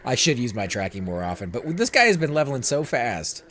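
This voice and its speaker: A man's voice: mid-range voice, big pitch swings, a little fast, fairly bright tone, a little hiss or hum. A man hosting a gameplay session, chatting casually with friends and thinking aloud as he plays. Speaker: gameplay host. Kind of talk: casual voice chat while playing.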